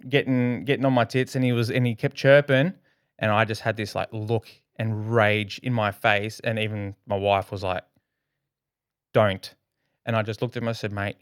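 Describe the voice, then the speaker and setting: An Australian man co-hosting a podcast, telling a story in an animated, swearing way and acting out his own lines. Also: mid-range voice, clear, resonant tone, no echo, clean studio sound. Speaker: podcast co-host. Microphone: podcast microphone.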